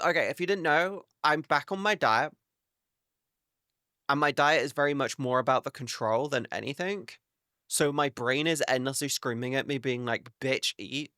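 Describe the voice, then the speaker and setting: A man's voice: mid-range voice, expressive, moderate pace, pushed and bright, no room sound, clean studio sound. A man chatting casually on a live stream, rambling and swearing freely as he talks to his viewers.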